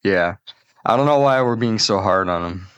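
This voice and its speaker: A man's voice: lowish voice, lively intonation, moderate pace, fairly bright tone, smooth, no echo, dull audio. Male comedy podcast host, crude and rambling, dry close-mic sound. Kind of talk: casual comedic banter.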